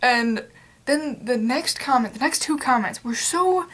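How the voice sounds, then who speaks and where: A woman's voice: high-pitched, lively intonation, measured pace, a bit bright. A young adult woman talking straight to camera in a casual vlog rant, rambling and exasperated, with lots of fillers. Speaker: vlogger.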